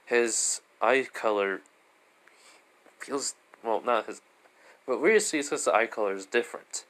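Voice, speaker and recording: A man's voice: mid-range voice, slow, fairly bright tone. A man casually improvising a fan story, rambling with lots of fillers and restarts.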